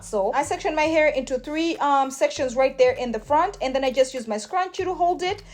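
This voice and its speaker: A woman's voice: sits high, a little fast, hardly any pauses. A woman chatting through a hair tutorial in a hyper, gushing way, calling her viewers honey and sis. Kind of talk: casual tutorial chat.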